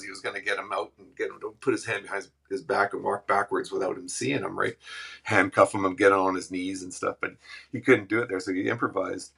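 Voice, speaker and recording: Gravelly-voiced man telling road stories. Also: fairly low pitch. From Western Canada. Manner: animated, laughing anecdotes with acted quotes. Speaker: musician guest. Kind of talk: casual storytelling.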